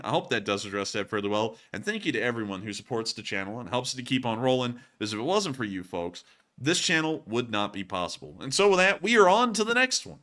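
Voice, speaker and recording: A man's voice: medium pitch, bright, forceful tone. A man hosting a live war-news stream, rambling chattily with fillers while thanking viewers. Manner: rambling, chatty, frequent "uh" and "let's see here". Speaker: war news show host. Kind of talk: livestream commentary and thanking viewers.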